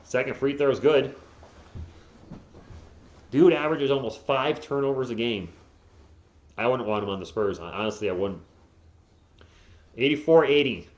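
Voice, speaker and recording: Partisan fan calling a game, echoey lo-fi mic. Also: male voice, mid-range voice, moderate pace, pauses often. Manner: partisan, bursts into frustrated yelling at players. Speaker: fan play-by-play streamer. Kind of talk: live play-by-play commentary. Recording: echoey, dull lo-fi home mic.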